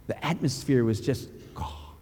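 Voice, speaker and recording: A man preaching a sermon with passion, firing rhetorical questions and building to near-shouting. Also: mid-range voice, measured pace, long reverb tail.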